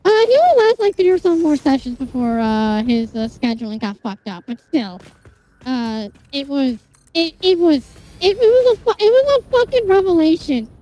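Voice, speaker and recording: A streamer chatting casually with viewers, telling animated, exasperated stories full of swearing. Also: high-pitched, normal speed, low-quality recording. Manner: animated storytelling, heavy swearing, exasperated rants.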